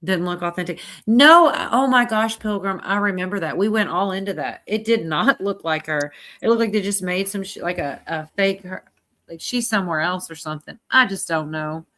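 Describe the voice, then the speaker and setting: A woman's voice: lowish voice, normal speed, bright, forceful tone. A woman hosting a casual livestream. She reads out chat comments, laughs often and swears casually. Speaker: livestream host.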